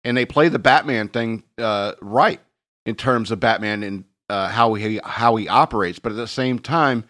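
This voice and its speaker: Male co-host, low pitch, measured and analytical in casual discussion. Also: a bit bright. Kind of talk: casual chat.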